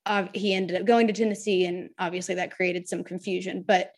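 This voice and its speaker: A young woman co-hosting a podcast, telling lively stories and mimicking people in raised voices. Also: on the low side, brisk. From Southern United States. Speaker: podcast co-host. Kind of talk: casual sports chat.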